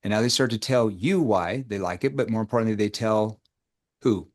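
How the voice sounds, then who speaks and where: A man's voice: on the low side, moderate pace. Man coaching, quizzing his group. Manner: keeps quizzing the group with rhetorical questions. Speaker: sales trainer. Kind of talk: live coaching session.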